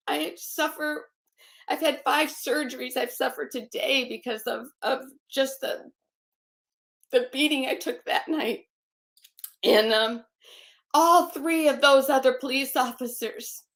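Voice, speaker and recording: A woman giving a halting, emotional personal testimony as a guest, often repeating her phrases and turning to scripture. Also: high-pitched, fairly bright tone. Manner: religious, recites scripture.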